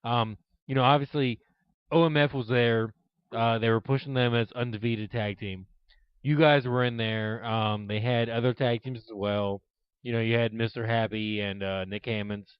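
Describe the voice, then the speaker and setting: Smooth-voiced man asking rambling questions. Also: medium pitch, fairly even intonation, normal speed, no echo. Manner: long, circling questions with many ums. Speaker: interviewer, show host. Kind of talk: interview questions. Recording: dull, lo-fi.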